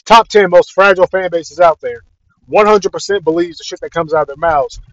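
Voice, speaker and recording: Profane young man ranting, high voice. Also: a little fast, fairly bright tone, dry recording. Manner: profane, exasperated, repetitive. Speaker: podcast ranter. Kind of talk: casual rant. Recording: dry, dull lo-fi audio.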